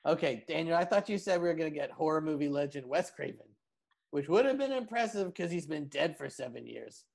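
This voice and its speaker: A man putting on a gravelly insult roast comic. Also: a little high, lively intonation, fairly quick, a little mellow. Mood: mocking. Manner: mock-reading insults off notes.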